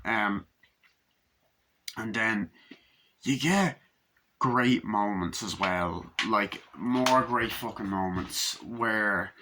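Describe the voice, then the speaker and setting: A man's voice: lowish voice, very slow, pauses often, bright, forceful tone, a little hiss or hum. A man giving a casual, rambling movie review, re-enacting scenes and swearing freely.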